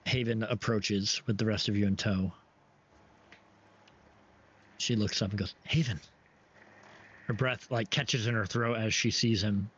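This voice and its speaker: A man's voice: on the low side, fairly even intonation, measured pace, long pauses, fairly bright tone, husky. A man narrating as game master for a tabletop game, hesitant with many fillers and restarts. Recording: dull lo-fi stream audio with faint ambience.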